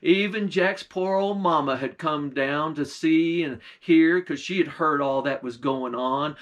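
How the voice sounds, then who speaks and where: A man's voice: a little high, unhurried, a bit bright. A man, a pastor, telling a folktale in a folksy, old-time dialect. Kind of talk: folktale storytelling.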